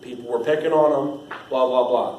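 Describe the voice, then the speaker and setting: A man's voice: mid-range voice, steady tone, moderate pace, a little mellow. A young man, casually training new staff, rambling, laughing often and using lots of fillers. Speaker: haunt trail actor training new staff. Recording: echoey room with faint ambient noise.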